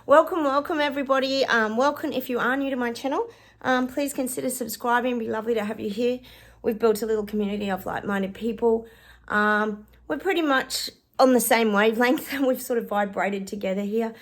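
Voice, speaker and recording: A woman's voice: on the high side, fairly even intonation, a little fast. A woman chatting casually to her vlog viewers from home, with a bit of a cough and lots of "um"s and "guys". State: coughing, slightly hoarse. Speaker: psychic YouTuber. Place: home living room.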